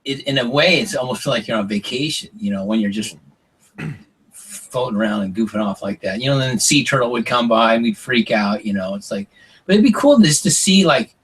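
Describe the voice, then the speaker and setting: A middle-aged man guesting on a podcast, telling stories in a lively way, acting out what people said and swearing casually. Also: medium pitch, a little fast, husky, recorded from a distance. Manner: animated storyteller, acts out quotes, swears casually. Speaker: podcast guest, former reality show contestant. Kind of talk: casual storytelling interview.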